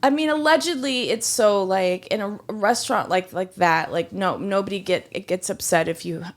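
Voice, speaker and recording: A young adult woman co-hosting a podcast, telling a story in casual chat and acting out the quotes with big jumps in her voice. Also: moderate pace. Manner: animated, acts out quotes with big pitch jumps, swears. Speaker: podcast co-host.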